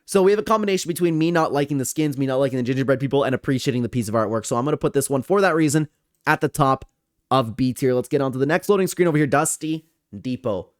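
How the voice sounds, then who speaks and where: A man's voice: medium pitch, quick pace, dry recording, clean studio sound. Chatty young man ranking game screens. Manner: enthusiastic, chatty, addresses viewers as guys. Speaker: gaming commentator. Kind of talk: casual tier-list commentary.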